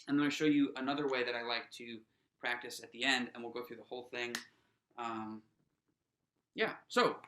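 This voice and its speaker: Bright-voiced man teaching snare drum. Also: mid-range voice, reverberant, poor audio. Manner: casual, encouraging, many fillers and restarts; counts players in aloud. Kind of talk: teaching a workshop lesson.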